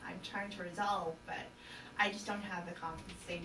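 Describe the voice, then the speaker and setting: A woman's voice: on the low side, fairly even intonation, brisk. A woman speaking as a hypnosis client in a casual interview, hesitant and full of fillers. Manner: hesitant, many fillers, self-conscious. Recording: roomy, distant mic, noisy background.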